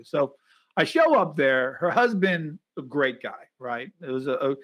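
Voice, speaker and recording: A man's voice: fairly high pitch, a little slow. A man hosting a podcast, telling a story in casual chat and acting out the voices of the people in it. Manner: lively storyteller who acts out quoted voices. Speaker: podcast host.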